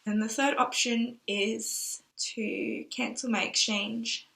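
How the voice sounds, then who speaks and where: A young adult exchange student speaks slowly to her camera in a slightly high, steady, creaky voice with a bit of brightness. Her casual vlog talk is anxious and rambling, thought aloud, sometimes through tears. The recording is rough.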